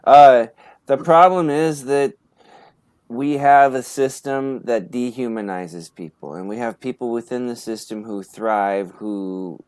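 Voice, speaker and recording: A man's voice: mid-range voice, unhurried, a little mellow, clear, resonant tone, dry recording. A man on a casual live panel talk who speaks passionately and swears freely. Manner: passionate and profane.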